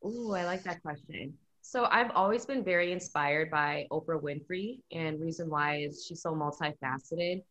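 A young woman, chatting casually as a podcast guest, bubbly and quick to laugh, saying "like" a lot. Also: low voice, a bit bright, poor audio. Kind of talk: casual chat.

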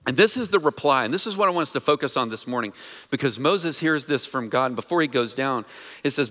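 A man's voice: mid-range voice, expressive, fast, sharp tone. A man preaching a sermon as pastor, talking conversationally and putting questions to the congregation. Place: church sanctuary. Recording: long hall reverb.

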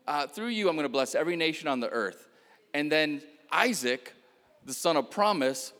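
A man delivers a sermon in a relaxed, storytelling way, full of fillers and small laughs. His pitch swings widely as he talks. The sound carries the long reverb of a big hall. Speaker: preacher. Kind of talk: sermon with personal testimony.

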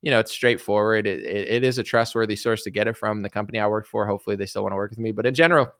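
A man's voice: on the low side, very fast, a bit bright, no room sound, studio quality. Rambling, sarcastic young male streamer. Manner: rambling, sarcastic, filler-heavy. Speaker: livestream host. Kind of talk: casual livestream commentary.

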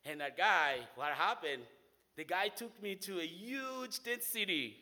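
A young man from Haiti with a Haitian accent, telling a personal faith testimony in an animated way, often saying "man". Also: high-pitched, a little slow. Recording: long hall reverb.

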